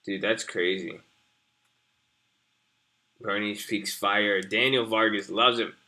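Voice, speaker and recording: A man's voice: on the low side, fairly even intonation, takes it slowly, bright, forceful tone. A young man hosting a live stream, rambling casually and profanely as he talks to his viewers. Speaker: stream host.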